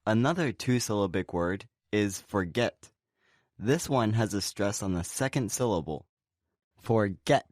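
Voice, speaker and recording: Lower-voiced man explaining pronunciation. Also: no echo, clean studio sound. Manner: relaxed explaining with slow, clear example words. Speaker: pronunciation teacher. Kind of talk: scripted co-hosted lesson.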